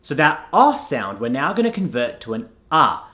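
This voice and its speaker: A man teaching a pronunciation lesson as an accent coach, clear and instructive, spelling out sounds letter by letter. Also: medium pitch, big pitch swings, normal speed, pushed and bright.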